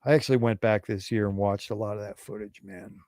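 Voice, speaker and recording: A man in his forties hosting a livestream, telling a rambling, profane story in a casual, animated way. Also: on the low side, fairly quick, dry recording, clean studio sound. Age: 40s. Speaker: livestream host.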